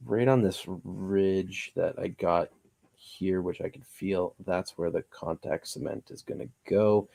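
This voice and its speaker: A man's voice: low voice, measured pace, vocal fry, dark tone. A man chatting casually on a livestream while building a puppet, rambling and joking as he thinks aloud about each step. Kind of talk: casual livestream craft chat.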